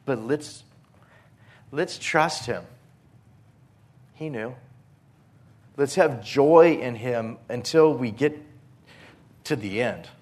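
Slow-speaking earnest male preacher. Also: medium pitch. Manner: earnest, swings from forceful emphasis to hushed softness; repeats words and restarts phrases. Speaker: pastor. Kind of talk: sermon.

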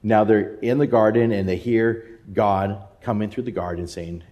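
A man with a lowish voice preaches from the pulpit. He rambles through a family anecdote with lots of fillers and restarts, lively and animated. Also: moderate pace, highs cut off. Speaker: pastor. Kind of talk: sermon with personal storytelling.

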